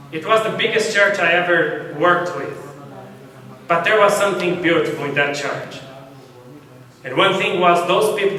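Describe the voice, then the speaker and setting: Male preacher, high-pitched, earnest storytelling, distant mic in a reverberant sanctuary. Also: pushed and bright. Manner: earnest storytelling, repeats and restarts phrases. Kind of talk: sermon. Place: church sanctuary. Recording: echoey church hall from far off.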